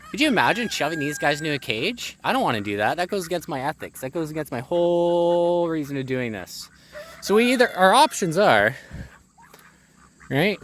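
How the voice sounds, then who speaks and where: A small-scale poultry farmer from Ontario, Canada, rants angrily and profanely into a phone held in one hand as he walks his farm among the birds, out of breath. He fires off heated rhetorical questions in a fairly bright voice on the high side for a man. Faint ducks and fowl sound in the background, with slight noise.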